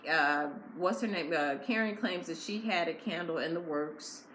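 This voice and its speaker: A woman with a fairly low voice talks through a reality show episode in a casual, blunt and opinionated way. Her critical asides come across plainly. The recording is roomy and echoey, with a faint hiss underneath. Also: moderate pace, fairly bright tone. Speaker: reality show recap host. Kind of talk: casual episode recap commentary. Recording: echoey room with faint noise.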